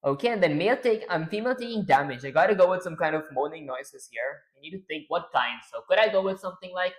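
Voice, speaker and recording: A young man talking casually on a live stream, rambling aloud and clearing his strained throat often. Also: on the high side, expressive, quick pace, rough recording. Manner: rambling, self-commenting, frequent throat-clearing.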